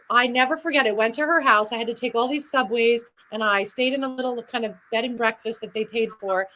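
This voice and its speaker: Bright, chatty woman telling stories. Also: on the high side, low-quality recording. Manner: animated, chatty, drifts into demonstrations. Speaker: guest performer. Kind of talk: lively interview storytelling.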